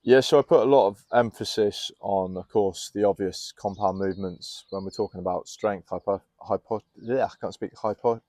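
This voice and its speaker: A young man, a fitness coach guest, chatting casually outdoors in a garden on a podcast and telling candid, animated stories. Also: fairly low pitch, moderate pace, hardly any pauses, no room sound, clean studio sound. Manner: candid, animated storyteller who laughs easily.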